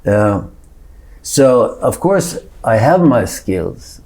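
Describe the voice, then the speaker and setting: A man in his seventies with a Swedish accent, a guest on an interview podcast, talking in halting stretches with many restarts and repeated words. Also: medium pitch, sing-song, darkish tone. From Sweden. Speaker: guest actor.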